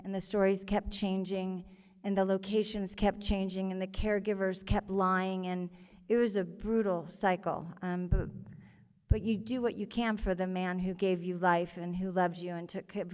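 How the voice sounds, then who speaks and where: A woman telling her own story live on stage before an audience, earnest and halting, with emotion in her voice. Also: mid-range voice, a little mellow, smooth, long reverb tail.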